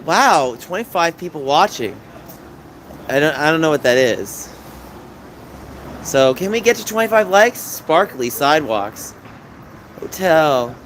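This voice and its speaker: A man in his thirties talks with his viewers as he walks through the city at night. His voice sits at a middle pitch, with clear street and traffic noise behind it. He sounds chatty and openly emotional while he answers comments. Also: a bit bright, low-quality recording. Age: 30s. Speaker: livestreamer. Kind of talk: casual livestream chat.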